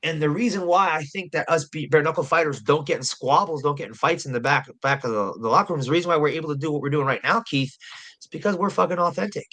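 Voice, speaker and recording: Rambling, cursing fighter, higher voice. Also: male voice, fast, pushed and bright. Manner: rambling, profane, repeats himself. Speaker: guest, professional bare-knuckle fighter. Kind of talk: casual storytelling chat.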